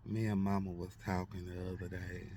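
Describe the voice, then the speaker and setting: A man's voice: low-pitched, level tone, fairly quick, warm tone, slight background noise. A man telling a heartfelt personal story to his followers, repeating phrases and speaking straight to his audience.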